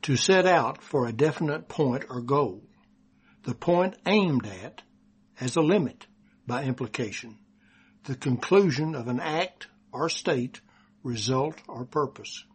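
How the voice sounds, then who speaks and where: A man from Texas with a Texan accent, preaching a sermon and reading scripture aloud slowly and deliberately. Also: mid-range voice, expressive, breathy edge.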